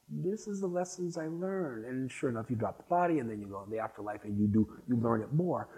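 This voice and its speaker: Mellow-voiced older man telling stories. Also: medium pitch, low-quality recording. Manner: rambling and anecdotal, with many restarts. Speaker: speaker at a spiritual gathering. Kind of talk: reminiscing talk to an audience.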